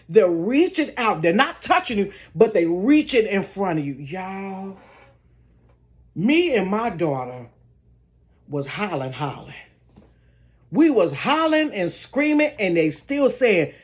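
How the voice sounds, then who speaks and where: Older lady doing a storytime from her bedroom, slow and dramatic, pitch jumping all over. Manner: dramatic, expressive, talks straight to viewers. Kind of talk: casual storytime chat.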